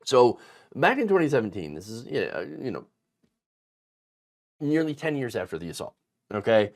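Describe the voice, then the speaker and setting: A man's voice: mid-range voice, big pitch swings, moderate pace, vocal fry. A man hosting an online political commentary show, talking in an indignant, emphatic way with frequent fillers and restarts.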